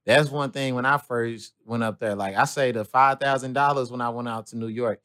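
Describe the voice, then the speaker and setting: A man's voice: medium pitch, fairly even intonation, fairly quick, fairly bright tone. Laid-back slangy man from St. Louis. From St. Louis, USA. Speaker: guest comedian. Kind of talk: casual interview chat.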